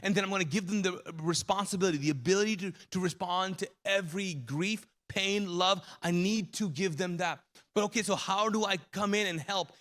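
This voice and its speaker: A man's voice: high-pitched, fairly bright tone. A man in his forties preaching a live sermon as pastor, telling a story with his voice swelling and dropping. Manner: emotional storytelling, voice rising and falling. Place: church auditorium.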